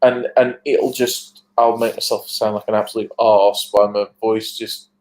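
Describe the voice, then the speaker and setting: A man's voice: fairly low pitch, flat delivery, normal speed, darkish tone, low-quality recording. A man from England chatting easily as a guest on a livestream, joking about himself. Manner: easygoing, self-deprecating. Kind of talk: casual chat.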